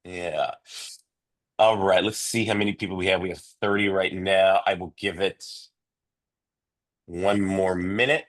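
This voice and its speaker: A man's voice: sits low, fairly even intonation, unhurried, long pauses. A man with a nasal voice, hosting an online coaching session for real estate agents over a video call, chatty and loose with lots of fillers.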